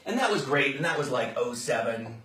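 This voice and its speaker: A man gives a loose, playful lesson on book marketing, rambling and happily inventing words. His voice is bright and forceful. The room around him rings with noticeable echo. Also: mid-range voice, expressive, brisk. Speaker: author marketing coach. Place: room with a whiteboard.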